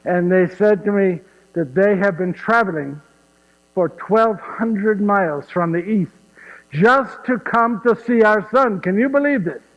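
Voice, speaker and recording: A man's voice: sits high, measured pace. An actor playing Saint Joseph as a humble, wonder-struck father, telling the story in first person and chuckling as he turns to the audience. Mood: awed. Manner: chuckles warmly at his own story, asks the audience directly. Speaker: actor in a one-man stage show. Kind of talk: first-person dramatic monologue. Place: church. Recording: echoey church, dull muffled sound.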